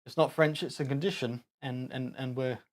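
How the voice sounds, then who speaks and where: A man's voice: medium pitch, steady tone, moderate pace. A man hosting a live stream, chatting casually and rambling with chuckles while he talks to his chat.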